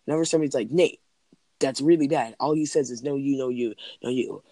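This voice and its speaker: A man's voice: medium pitch, fast talker, dark tone, no room sound. A man in casual chat, rambling through school stories with lots of "like" and "um". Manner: rambling, heavy use of "like" and "um".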